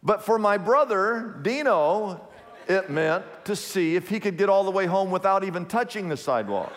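A man preaching a sermon as a pastor, telling stories in an animated way and repeating his phrases. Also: high-pitched, moderate pace, in a large hall. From Kansas, USA.

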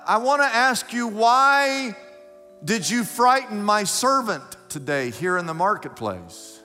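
A commanding master giving orders and pressing hard questions, as a preacher plays him. His voice is bright and raised, echoing through a big hall with faint music. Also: high voice, very animated, takes it slowly, pitched above the performer's own voice, exaggerated voice. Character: commanding male master of a servant.

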